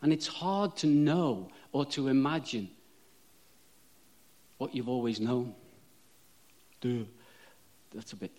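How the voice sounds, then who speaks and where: Slow-talking preacher, chatty then fervent. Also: male voice, medium pitch, a little mellow. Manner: chatty and self-deprecating, rising to fervent emphasis on repeated phrases. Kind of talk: sermon.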